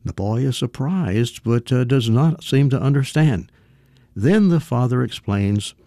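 A man's voice: mid-range voice, animated, measured pace, dark tone, no echo, studio quality. A man giving a folksy radio commentary, telling a parable and acting out its voices. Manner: folksy storyteller, acts out quotes.

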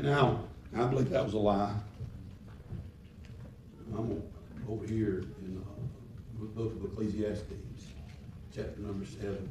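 A man preaching a sermon, swinging from quiet scripture reading to shouted, folksy preaching. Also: fairly low pitch, steady tone, measured pace, long pauses. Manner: folksy, colloquial phrasing. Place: church. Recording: echoey hall from far off.

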